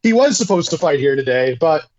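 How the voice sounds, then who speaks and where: A man co-hosting a casual movie podcast, talking in a rambling, halting way. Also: fairly high pitch, sing-song, muffled recording. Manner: rambling, halting, with restarts and laughs. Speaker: podcast co-host.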